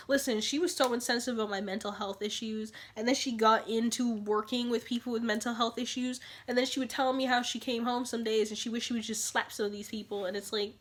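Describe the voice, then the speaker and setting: A young woman vlogging casually to her camera, chatty and animated, repeating lines for emphasis and dipping into whispered asides. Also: a little high, fast, hardly any pauses.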